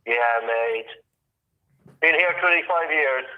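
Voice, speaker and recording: Irish caller, Kerry accent, jokey and matey, tinny phone sound, slightly high voice. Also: male voice, slow. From Ireland. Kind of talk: casual chat. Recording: phone line.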